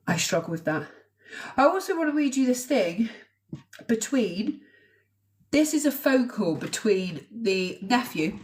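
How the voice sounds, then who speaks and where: A woman hosting a true crime livestream, talking to viewers in a conversational, hesitant way with restarts and asides. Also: medium pitch. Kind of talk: casual livestream commentary. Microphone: phone on a live stream. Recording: voice a little away from the mic.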